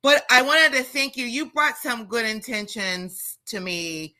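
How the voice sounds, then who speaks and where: A woman's voice: a little high, expressive, unhurried, bright, forceful tone. A woman calling in to a talk show, a teacher, speaking bluntly and emphatically. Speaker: caller, teacher. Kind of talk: call-in radio talk.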